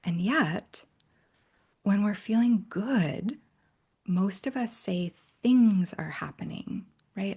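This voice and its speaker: A woman's voice: mid-range voice, lively intonation, slow pace, darkish tone, slightly rough. A woman coach leading an online workshop in a conversational way, often checking in with "right?". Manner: conversational, keeps asking "right?".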